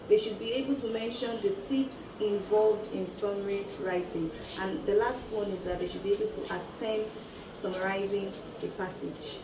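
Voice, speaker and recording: A woman teacher walks students through a lesson, counting off her points one by one in a steady, measured voice. She sounds a little far from the mic in an echoey room, with steady noise behind her. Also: mid-range voice. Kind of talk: classroom lesson.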